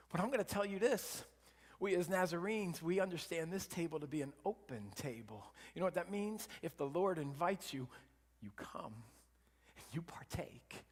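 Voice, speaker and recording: A man preaching a sermon as pastor, his voice swinging from loud emphasis down to hushed whispers. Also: sits high, lively intonation, moderate pace, slightly rough. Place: church sanctuary. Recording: long reverb of a church hall.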